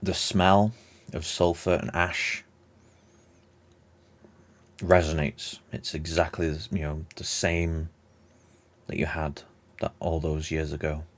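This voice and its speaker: A man narrating a tabletop game as game master in a measured, descriptive way. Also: extremely low pitch, flat delivery.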